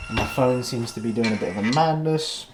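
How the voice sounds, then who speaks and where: A man's voice: mid-range voice, a little fast, echoey room, background noise. A man, rambling and swearing cheekily in a casual vlog from his home kitchen. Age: 20s. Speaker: fitness vlogger.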